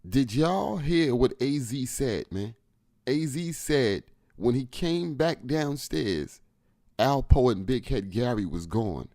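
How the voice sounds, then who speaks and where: A man's voice: mid-range voice, animated, slow, dark tone, no room sound. Man w/ AAVE breaking down a street story, dry close sound, pushy emphatic delivery. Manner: emphatic, addresses listeners directly. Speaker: host.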